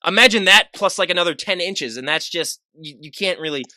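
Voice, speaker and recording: A man's voice: high voice, a little fast, pushed and bright, no room sound, clean studio sound. A man hosting a podcast, chatting casually with an upbeat, rambling manner. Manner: upbeat, rambling, laughs easily. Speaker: podcast host. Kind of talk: casual interview chat.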